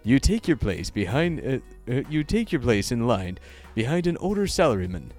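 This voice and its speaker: A man's voice: mid-range voice, moderate pace, soft background music. A man co-hosting a gaming podcast, reading a dating-sim story aloud in a casual, stumbling way. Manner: reads the story text aloud with stumbles and laughs, lively. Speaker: podcast co-host reading a game. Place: small home recording setup, sharing one mic.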